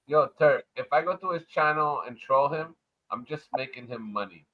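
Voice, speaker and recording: A man from Montreal ranting crudely and loudly in a casual livestream chat. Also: on the high side, moderate pace. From Montreal, Canada. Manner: loud, profane, swaggering rant. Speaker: livestream panel guest. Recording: muffled lo-fi online audio.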